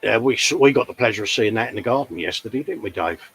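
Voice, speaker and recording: A man's voice: fairly low pitch, lively intonation, fast, fairly bright tone, slightly rough, low-quality recording. A man hosting a casual live-stream chat, matey and full of tag questions. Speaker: host.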